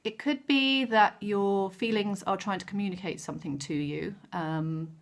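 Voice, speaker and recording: A woman giving a gentle, encouraging weekly card reading, with frequent ums and self-corrections. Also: medium pitch, moderate pace. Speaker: tarot card reader.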